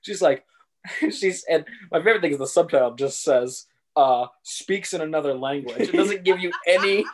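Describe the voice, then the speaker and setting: Man, podcast co-host, casual chat, animated retelling, slightly high-pitched. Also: moderate pace. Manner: animated, acts out characters' lines in put-on voices and laughs often.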